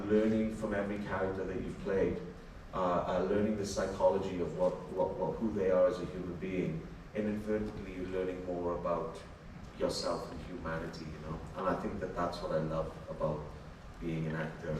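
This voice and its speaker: A man telling animated, chatty stories at a convention Q&A panel, often laughing as he talks. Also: deep voice, a little fast. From Wales. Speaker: actor, panel guest. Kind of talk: convention Q&A storytelling. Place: large convention hall. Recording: very echoey hall, distant, faint noise.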